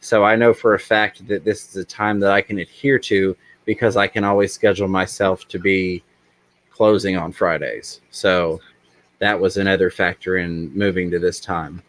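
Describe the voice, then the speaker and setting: A man's voice: low voice, flat delivery, normal speed, a bit bright. A man hosting a casual livestream, reading chat aloud and rambling with many ums. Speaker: livestream host.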